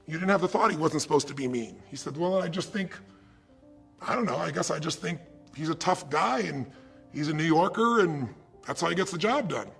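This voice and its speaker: A man's voice: on the high side, expressive, fairly quick, vocal fry, a bit bright, husky, faint music behind. A man giving a motivational speech, retelling a coaching story in quoted dialogue and asking the audience rhetorical questions. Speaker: motivational speaker.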